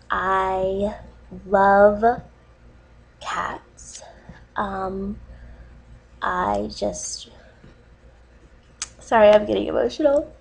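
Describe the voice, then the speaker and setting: A woman's voice: fairly high pitch, vocal fry, low-quality recording. A young woman playing a nervous, cat-obsessed lady on a dating video, hesitant with many ums and breaking into sobs. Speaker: comedy sketch character. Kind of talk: comedic dating-video monologue.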